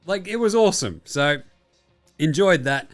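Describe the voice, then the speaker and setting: A man's voice: a little high, expressive, normal speed, faint music behind. A young Australian man hosting a casual sports chat show, jokey, rambling and full of swearing. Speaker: podcast host.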